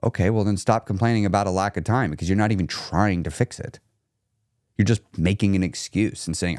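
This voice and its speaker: A man coaching a viewer bluntly, challenging her with rapid-fire questions and frank examples. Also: deep voice, a little mellow, no echo, clean studio sound. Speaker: weight-loss coach. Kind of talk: direct coaching talk to a viewer.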